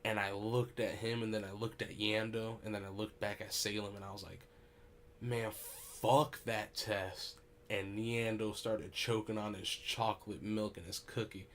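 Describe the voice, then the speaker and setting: A man's voice: fairly low pitch, moderate pace, hardly any pauses, a little hiss or hum. Young man telling a profane story. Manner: animated, profane, laughing asides. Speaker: podcast host. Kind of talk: casual storytelling.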